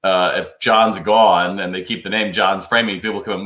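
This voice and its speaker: Male host, low voice, bright and forceful, chatty live-stream advice, echoey room. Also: fairly even intonation, brisk, few pauses. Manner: chatty and advisory, reads out viewer comments. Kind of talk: casual live-stream talk, answering viewer questions. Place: home studio, New York.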